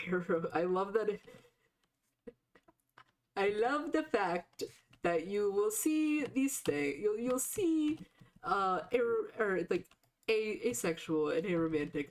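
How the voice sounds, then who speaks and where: A woman streaming a game live, chatting casually with a sore throat that lowers her voice, rambling with lots of "like" and restarts. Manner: rambling, full of "like" fillers and restarts.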